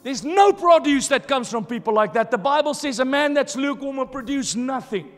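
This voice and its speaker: A male pastor with a very high voice preaches emphatically, hammering home his points with repeated phrases. His voice rings through a reverberant church hall while soft music plays behind him. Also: animated, brisk. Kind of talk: sermon.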